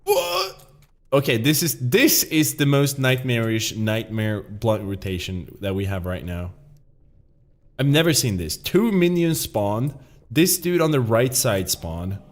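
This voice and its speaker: A man's voice: mid-range voice, expressive, measured pace. A young man from Sweden, rambling jokily through casual gameplay commentary and exclaiming in surprise. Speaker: gaming streamer.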